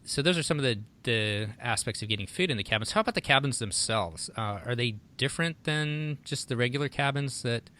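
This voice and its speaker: A man hosting a podcast, asking questions in a relaxed way with many fillers. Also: medium pitch, fairly quick, few pauses. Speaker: podcast host. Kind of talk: casual podcast chat.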